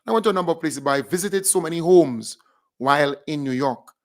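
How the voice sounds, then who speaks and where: A man with a Grenadian accent hosting a radio show, animated, repeating himself as he calls out names and thanks listeners. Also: fairly high pitch, fast. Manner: animated, repeats phrases, big up shout-outs. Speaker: radio host. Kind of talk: casual radio shout-outs.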